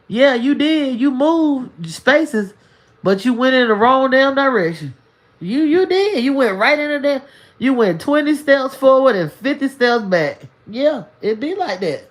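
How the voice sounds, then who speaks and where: A woman's voice: on the high side, animated, normal speed. A woman on a livestream giving spiritual life advice in a casual, emphatic, preachy way, full of folksy asides. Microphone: single mic on a livestream.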